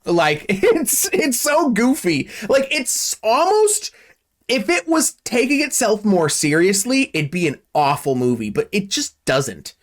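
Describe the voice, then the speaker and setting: A man recaps a film in a loose, sarcastic vlog style, swearing freely as he goes. His voice sits a touch high for a man and swings widely up and down as he tells it. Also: a little slow. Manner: sarcastic, profane, animated storytelling. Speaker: YouTuber reviewing a film. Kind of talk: casual movie recap and review.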